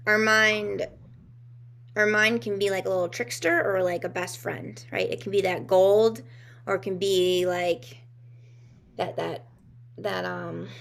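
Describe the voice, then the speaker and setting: Gravelly-voiced woman musing on healing. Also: medium pitch, a bit bright. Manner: rambling, searching for words with many fillers. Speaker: podcast co-host. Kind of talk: casual reflective talk on healing.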